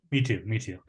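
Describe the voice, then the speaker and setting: A man interviewing a fighter in a relaxed, laughing way, often repeating his phrases. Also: fairly high pitch. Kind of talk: casual interview.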